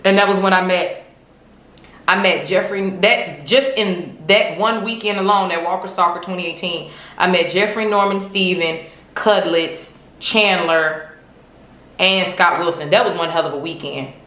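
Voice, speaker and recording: Woman hosting a podcast, chatty and slangy, bright voice, echoey room. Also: fairly low pitch, a little slow. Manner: chatty, animated storytelling with slang and swearing. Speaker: podcast host. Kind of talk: casual fan chat.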